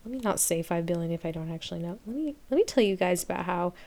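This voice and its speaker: A woman's voice: on the low side, expressive, quick pace, a little mellow. A young woman in her twenties hosting a podcast, ranting in a casual, sarcastic, exasperated way and breaking into laughter. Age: 20s. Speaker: podcast host. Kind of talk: casual comedic rant.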